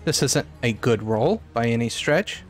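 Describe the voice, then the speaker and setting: Slow, unhurried storyteller man. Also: medium pitch, expressive, soft background music. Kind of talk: narrating a tabletop game.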